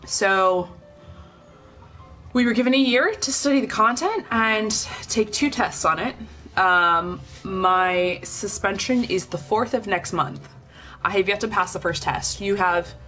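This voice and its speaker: At home, a young woman rambles casually to her livestream chat, addressing viewers directly and hopping between thoughts. Her lowish voice is bright and forceful, though her nose is stuffed and her breathing heavy, with faint music in the background.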